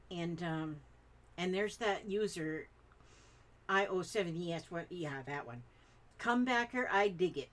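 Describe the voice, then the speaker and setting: Older female craft host, lowish voice, chatty and rambling while reading comments. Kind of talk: reading viewer comments aloud.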